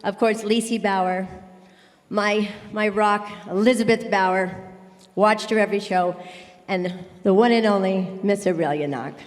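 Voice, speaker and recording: A woman's voice: medium pitch, a little slow, big-room sound. A woman giving an emotional, grateful acceptance speech at an awards ceremony in a large tent, listing many names she thanks.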